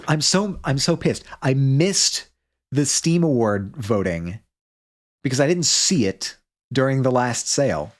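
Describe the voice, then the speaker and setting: A man streaming casually who chats in a rambling way, restarting and interrupting himself often. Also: medium pitch. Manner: rambling, self-interrupting, many restarts and fillers. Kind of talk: casual livestream chat.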